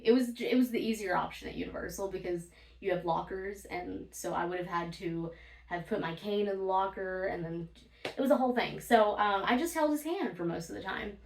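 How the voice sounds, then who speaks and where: A woman's voice: mid-range voice, creaky. A woman vlogger telling casual stories, blunt and profane, laughing often as she talks. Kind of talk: casual storytime monologue. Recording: roomy, from a distance.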